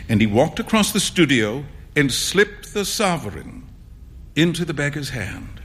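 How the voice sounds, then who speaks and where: A man narrates a classic story in an expressive storybook manner. His voice sits a little higher than most men's and moves freely, with lively pitch. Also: measured pace, husky.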